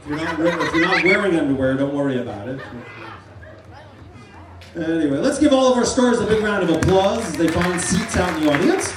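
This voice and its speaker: A middle-aged man working as a stage hypnotist at a live comedy show, playfully giving loud, repeated suggestions to volunteers. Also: on the high side, a little hiss or hum. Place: large fair tent. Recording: echoey tent, mic heard from far.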